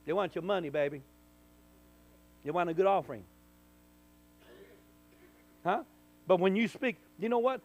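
A man, a minister, telling a personal testimony in conversation, full of restarts and sudden loud bursts. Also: high-pitched, rough recording. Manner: animated storyteller, stammering restarts, bursts loud when quoting. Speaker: minister, guest.

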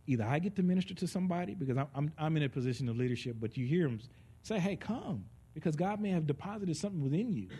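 A man preaching a conversational sermon. He is animated and joking, and swings between soft and loud delivery. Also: a little high, husky.

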